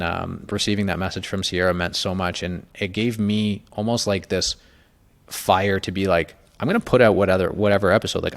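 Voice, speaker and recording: Man, podcast host, low gravelly voice, candid and emotional, casual cursing. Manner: candid, emotional, swears often, animated.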